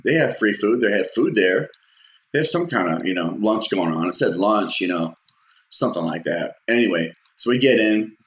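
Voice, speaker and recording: A man's voice: deep voice, animated, a little fast. A man casually telling a personal story, rambling with fillers and restarts and acting out quotes in a raised voice. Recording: roomy echo.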